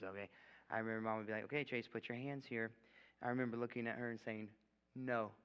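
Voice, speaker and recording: A man's voice: mid-range voice, fairly bright tone, smooth. A young man preaching a casual, joking sermon with an altar call, tossing in frequent "okay?" asides. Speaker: guest preacher. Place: church sanctuary. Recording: echoey hall, dull lo-fi sound.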